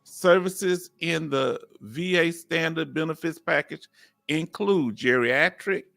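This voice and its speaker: A man from Houston with a Southern Texas accent, hosting a live stream in a folksy, drawn-out storytelling way. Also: fairly high pitch, vocal fry, a bit bright, soft background music. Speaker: host.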